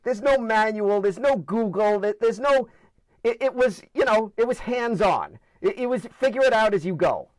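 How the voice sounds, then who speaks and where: A man with a New York accent telling funny stories in a casual, animated way, acting out the voices in them. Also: high voice, normal speed, no room sound. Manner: animated, acts out voices in anecdotes. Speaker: guest storyteller. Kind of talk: casual storytelling.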